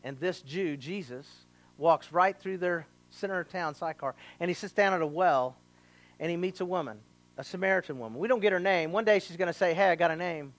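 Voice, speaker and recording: A man pastor preaching a sermon, animated, acting out voices of people in the story and talking directly to the congregation. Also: high-pitched, a little fast. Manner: animated preaching with acted quotes and asides.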